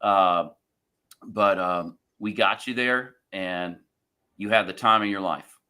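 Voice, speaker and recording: Bright-toned man, casual studio chat. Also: low-pitched, takes it slowly, clean tone. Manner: enthusiastic, calls people bro and dude. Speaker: show regular.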